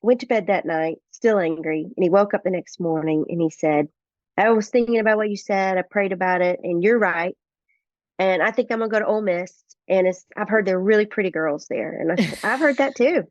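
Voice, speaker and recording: A woman's voice: mid-range voice, a little fast, no room sound, highs cut off. A middle-aged woman, a guest author, telling family stories in earnest in a podcast interview and acting out the dialogue.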